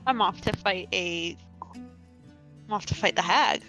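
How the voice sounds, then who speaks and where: A woman's voice: medium pitch, takes it slowly, a bit bright, lo-fi sound, faint music behind. A woman playing a tabletop game, speaking in a hesitant, confused way. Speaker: player. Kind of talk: tabletop role-play.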